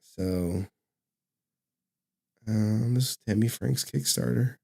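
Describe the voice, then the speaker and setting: A man's voice: fairly low pitch, slow pace, gravelly, a little mellow. A man hosting a casual reaction stream, laid-back and rambling, laughing often. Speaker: host.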